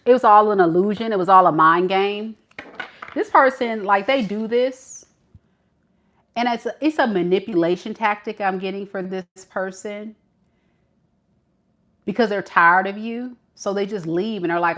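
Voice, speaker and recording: A woman's voice: medium pitch, normal speed, pauses often, fairly bright tone. A woman giving a casual tarot reading, chatty and playful, with slangy phrasing. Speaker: tarot reader.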